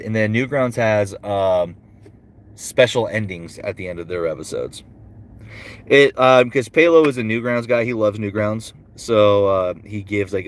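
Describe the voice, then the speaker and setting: A voice actor who also streams answers chat comments aloud during a relaxed livestream Q&A. His voice is lowish, and his talk is full of fillers.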